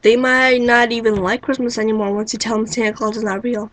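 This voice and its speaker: Woman, webcam vlogger, slightly high voice, wry rambling with endless rhetorical questions. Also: level tone, a little fast, rough recording. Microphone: built-in webcam mic.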